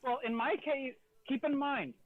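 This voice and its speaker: Smug man player, high voice, thin phone-like line. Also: moderate pace, no echo. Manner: smug, explaining. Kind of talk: tabletop game chat. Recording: tinny phone-like voice chat.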